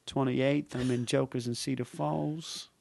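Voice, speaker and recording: A man's voice: mid-range voice, fairly even intonation, unhurried, vocal fry, darkish tone, dry recording. A man, a comedian guest on a podcast, chatting casually and joking, slipping into impressions. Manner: joking, playful, slips into impressions.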